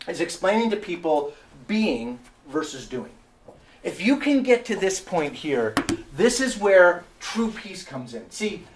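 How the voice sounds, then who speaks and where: Energetic man with a fairly high voice for a motivational seminar, prods the audience for agreement, heard from a distance in a room. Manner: keeps asking the audience "right?" and "how many know"; energetic, with restarts and repetition. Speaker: seminar presenter. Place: meeting room with a live audience. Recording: distant mic with faint background noise.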